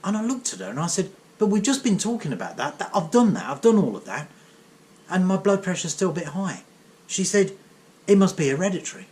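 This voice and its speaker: A middle-aged man spins a comic story in a casual monologue, wry and chatty, tossing in asides as he goes. His voice sits a bit high for a man and swings widely up and down. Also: very animated, a little fast, a little mellow. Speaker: vlogger.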